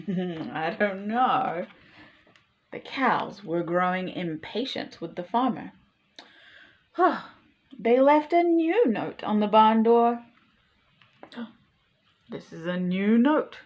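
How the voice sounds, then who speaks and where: A woman reading a picture book aloud to children, pausing to ask the listener questions. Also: mid-range voice, highs cut off. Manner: slow, animated, asks the listener questions. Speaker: storytime reader.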